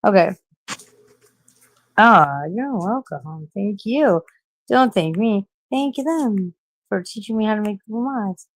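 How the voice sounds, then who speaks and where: A woman's voice: medium pitch, lively intonation, moderate pace, warm tone. A woman in her forties chatting casually on a late-night live stream, rambling, swearing a lot and laughing at herself. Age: 40s.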